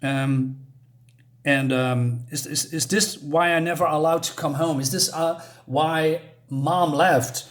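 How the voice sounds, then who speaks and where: A man's voice: a little high, fairly even intonation, slow pace. A man voicing an upset, frightened teenage boy who pleads in distress. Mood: pleading.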